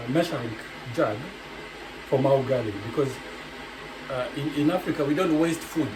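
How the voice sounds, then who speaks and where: A man with a Kenyan accent giving a chatty, digressive home cooking tutorial from his kitchen, explaining each step. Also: mid-range voice. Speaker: home cook. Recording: echoey kitchen with faint noise.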